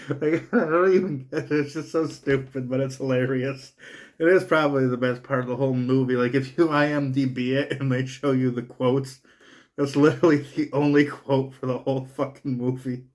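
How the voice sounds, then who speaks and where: A man's voice: medium pitch, fairly even intonation, moderate pace, a little mellow. A man recaps a horror film in a loose, casual review. He swears freely and laughs his way through the story, wandering from point to point. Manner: profane, laughing, rambling recap. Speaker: movie reviewer.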